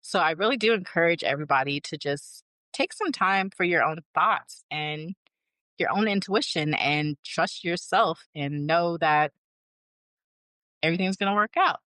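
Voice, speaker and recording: A woman co-hosting a podcast in casual chat, telling stories in an animated way and acting out her own past lines. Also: lowish voice, normal speed, dry recording, clean studio sound. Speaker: podcast co-host.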